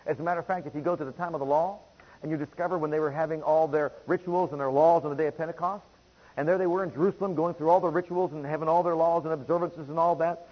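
A man's voice: fairly high pitch, fairly even intonation, quick pace, husky, muffled recording. A man preaching a sermon, driving home points by repeating phrases and reading scripture aloud.

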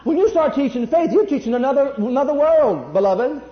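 Male preacher, high voice, emphatic sermon delivery, echoey lo-fi church recording. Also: lively intonation, brisk, some chatter behind. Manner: emphatic, swings between loud bursts and quiet asides. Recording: echoey room, dull lo-fi sound.

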